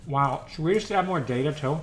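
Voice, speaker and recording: A man live-streaming his programming session, talking excitably and rambling, repeating words as he thinks aloud at a desktop microphone in a room at home. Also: a little high, a little fast. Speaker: livestreaming programmer. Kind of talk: casual live-stream chat while coding. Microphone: desktop USB microphone. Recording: roomy with faint background noise.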